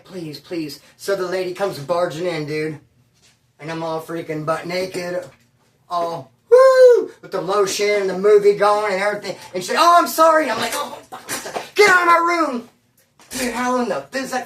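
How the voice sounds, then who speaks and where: Heard from far off in an echoey room, a Californian man who once served time shares slang-filled, foul-mouthed stories in a casual way. His voice is high and a bit bright.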